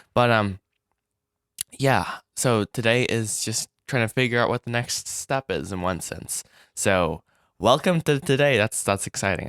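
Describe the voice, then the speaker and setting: Low-ish guy vlogging his film, rambly and self-deprecating, dry sound. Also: a bit bright, dry recording. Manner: rambling, self-deprecating, frequent restarts and laughs. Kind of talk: casual solo vlog.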